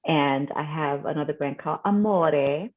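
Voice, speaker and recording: A woman's voice: low voice, normal speed. A woman co-hosting a casual chat show, telling stories and mixing Spanish into her English, over a call. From Puerto Rican family, lives in Chicago. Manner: storytelling, mixes Spanish into English, laughs often. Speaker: co-host. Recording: tinny phone-like line.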